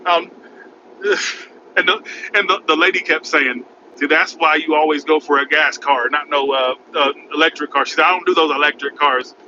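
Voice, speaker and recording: A man telling a rambling, frantic story in a casual vlog, recorded in his car by a highway. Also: steady tone, normal speed. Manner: rambling, frantic, repeats "oh my God". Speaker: vlogger. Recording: muffled with road noise.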